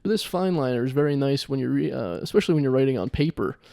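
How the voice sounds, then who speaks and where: A man's voice: medium pitch, animated, fast talker, vocal fry, dark tone, no echo, clean studio sound. A young man hosting a comedy podcast, rambling and joking in casual chat and laughing at his own jokes. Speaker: podcast host.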